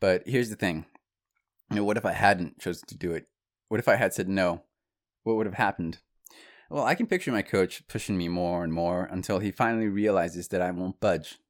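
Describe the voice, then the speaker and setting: A man's voice: low-pitched, moderate pace. A man telling a personal story to viewers in a casual, conversational monologue, with asides and restarts.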